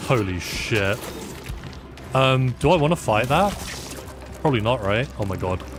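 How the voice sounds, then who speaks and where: A man's voice: medium pitch, lively intonation, unhurried. A man from the UK casually commentating a game as a live streamer, reacting with sudden exclamations and chatting with viewers. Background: game music.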